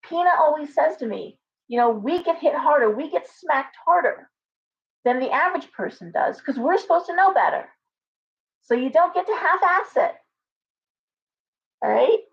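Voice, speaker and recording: Animated woman hosting a tarot livestream. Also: high voice, moderate pace, vocal fry, long pauses. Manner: animated, talks with lots of restarts and asides to viewers. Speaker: tarot reader and livestream host. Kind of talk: casual livestream chat. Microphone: webcam with ring light. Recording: slightly dull lo-fi stream audio.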